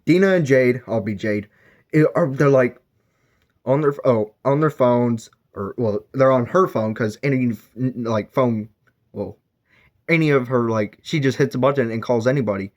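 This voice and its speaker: A man talks through a book review in a loose, rambling way. He fills gaps with fillers and keeps correcting himself mid-sentence, at an ordinary mid pitch. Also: moderate pace.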